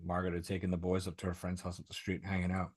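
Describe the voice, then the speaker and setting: A man's voice: deep voice, racing, slightly rough, no room sound, clean studio sound. A middle-aged man telling casual stories on a podcast, swearing freely. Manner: swears a lot, animated anecdotes. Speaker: podcast host. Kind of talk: casual storytelling.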